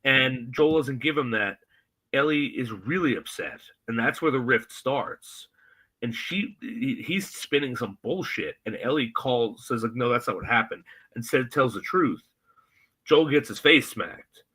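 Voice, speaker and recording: Husky-voiced man recapping a show. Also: medium pitch, a little slow, poor audio. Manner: animated retelling, acts out the lines of the scene. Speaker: podcast co-host. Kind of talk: casual chat recapping a TV episode.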